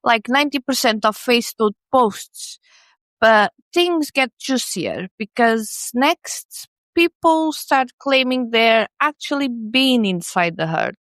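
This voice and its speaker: A woman with a fairly high voice narrates at an unhurried, deliberate pace. She tells the story with wry, sarcastic asides, like a comedic podcast co-host. The sound is close and dry. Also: expressive, fairly bright tone, dry recording.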